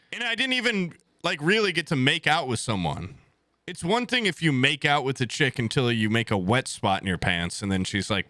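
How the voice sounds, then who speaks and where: A young man chats on his stream, tired and low on energy but quick to grow exasperated, with lots of swearing as he tells a story. His voice is bright and smooth. The sound is dry and close. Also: expressive, no echo. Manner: profane, exasperated, mimics others in a high voice. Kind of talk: casual storytelling.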